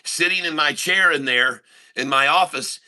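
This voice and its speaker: A man voicing a flustered female bank loan officer inside a joke, in a slightly lowered tone. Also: normal speed, sharp tone, rough recording.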